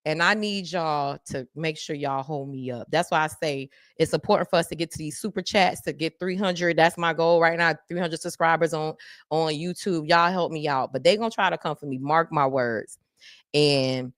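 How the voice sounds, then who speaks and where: A woman, hosting a live stream and talking straight to her viewers. She swings between fervent, preacher-like calls and low, confiding asides. The sound is dry and close to the mic. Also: dry recording. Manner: animated, preacher-like call and response. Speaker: podcast host.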